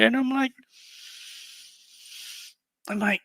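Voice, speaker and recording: A man's voice: medium pitch, a little slow, creaky, fairly bright tone, no room sound. A man co-hosting a collectibles stream, ranting profanely and with exasperation in casual chat.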